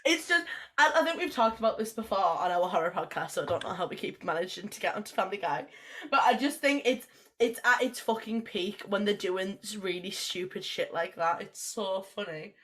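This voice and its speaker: A woman co-hosting a podcast in casual chat, animated, swearing freely and laughing often. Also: medium pitch, fairly quick. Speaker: podcast co-host.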